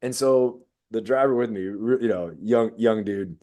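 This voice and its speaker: Male podcast co-host, ex-Marine, casual storyteller with a big, animated delivery. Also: normal speed. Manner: animated storyteller, jumps high when quoting people.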